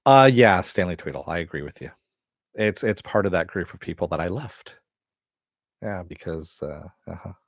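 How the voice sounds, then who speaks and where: A man's voice: low voice, expressive, normal speed, dry recording, studio quality. A middle-aged man hosting a casual live stream, rambling and swearing as he answers viewers. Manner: rambling, profane, restarts often. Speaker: host.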